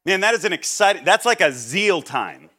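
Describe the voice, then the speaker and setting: Male guest preacher, bright voice, slightly high, animated and jokey, acts out voices, quiet for serious points. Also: normal speed. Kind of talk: sermon.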